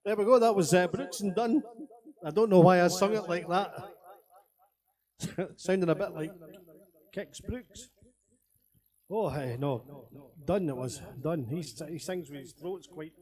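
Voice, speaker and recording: Chatty Scottish man with a higher voice. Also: measured pace, long pauses, a little mellow. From Scotland. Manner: chatty, rambling, laughs between stories. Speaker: singer streaming to friends. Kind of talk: casual chat between songs. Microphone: webcam stream.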